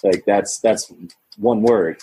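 A man's voice: lowish voice, slow pace, mellow, breathy edge, low-quality recording. A young man talking casually as a podcast guest, rambling with many fillers and restarts. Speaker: podcast guest, Mandarin learner. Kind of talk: casual conversation.

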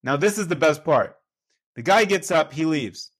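A man's voice: on the high side, expressive, moderate pace, a bit bright. A man, a pastor, telling a personal story in a conversational, self-deprecating way, often checking in with his listener.

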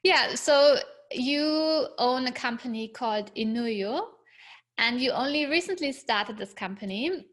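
A woman's voice: fairly high pitch, a bit bright. A woman interviewing a guest, asking short, encouraging questions. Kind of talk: casual interview.

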